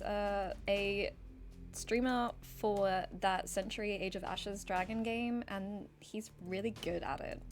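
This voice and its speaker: A woman streaming a game, chatting casually and giggling, with many "like"s and "um"s. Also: medium pitch. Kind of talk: casual game livestream chat.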